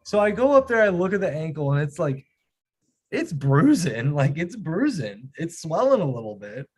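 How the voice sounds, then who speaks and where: A man in his thirties hosting a live stream, telling a profane, animated story in casual chat. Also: fairly high pitch, moderate pace, husky.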